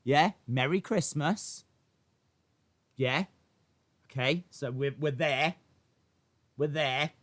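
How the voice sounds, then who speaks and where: A man's voice: fairly high pitch, slow, pauses often, fairly bright tone, no room sound. A man hosting a casual live watch-along stream. He rambles, frets aloud and talks back to his chat.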